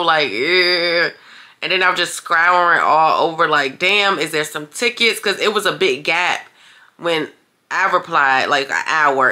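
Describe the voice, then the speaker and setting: Her voice sits low, pushed and bright, as she talks casually to her viewers on camera. She's chatty and direct, addressing them as y'all and swearing whenever something irritates her.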